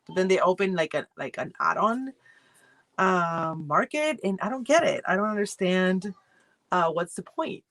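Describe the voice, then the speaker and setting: A woman's voice: on the low side, lively intonation, moderate pace, a bit bright, dry recording. A woman casually chatting on a livestream about subscription boxes, rambling with fillers and greeting viewers by name. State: feeling cold. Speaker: subscription box reviewer hosting a livestream. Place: home room.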